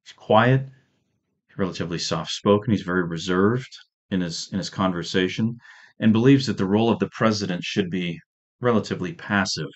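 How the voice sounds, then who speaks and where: Male history lecturer, deep voice, chatty and joking, muffled lo-fi recording. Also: fairly quick. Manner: conversational, with restarts and jokey asides. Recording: dull lo-fi audio.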